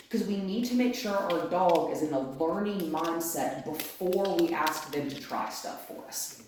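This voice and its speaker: A woman's voice: on the low side, a little mellow. A woman dog trainer giving a hands-on training lesson, explaining each step aloud and often checking in with "right?". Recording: very echoey room, faint noise.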